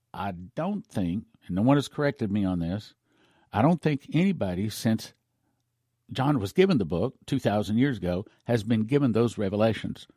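Gravelly, earnest male radio preacher. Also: fairly low pitch, warm tone, no echo, studio quality. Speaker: pastor. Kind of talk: radio sermon message. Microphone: broadcast microphone.

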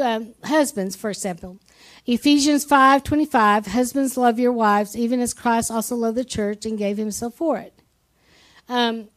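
High-voiced woman preaching conversationally. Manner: conversational, asks the congregation questions; frequent restarts and repeated words. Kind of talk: sermon.

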